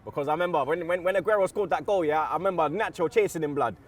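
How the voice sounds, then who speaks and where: A man talking football as a fan pundit in excitable, slang-filled chat, telling stories with loud outbursts. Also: fairly high pitch, racing.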